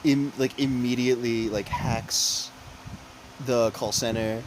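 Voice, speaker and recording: A podcast co-host in casual chat, telling animated stories full of acted-out voices and sound effects. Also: medium pitch, slow pace, background noise.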